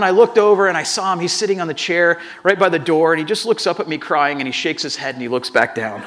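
A high-pitched man delivers a sermon, recounting a personal story with lively acted-out dialogue and many restarts.

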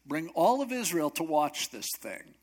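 A cocky, wisecracking prophet, as a preacher puts him on with a slightly high voice. He jeers and dares his rivals in a loose, swaggering tone. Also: big pitch swings, measured pace. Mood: brash. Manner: swaggering, wisecracking trash talk. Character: bold, brash male prophet taunting rivals.

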